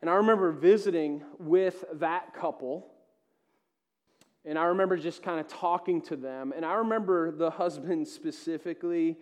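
A male pastor delivering a sermon, swinging between loud emphatic peaks and hushed, quiet passages. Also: a little high, normal speed.

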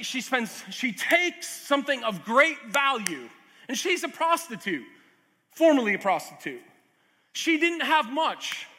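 A man's voice: very high voice, bright, forceful tone. A man preaching a sermon as a pastor, earnest and conversational, with asides, jokes and restarts. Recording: long hall reverb.

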